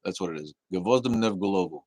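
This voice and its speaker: A man's voice: low voice, fast talker, dark tone, no room sound. A man hosting a casual livestream, reading chat aloud in a laid-back, easygoing way, cursing casually and laughing often.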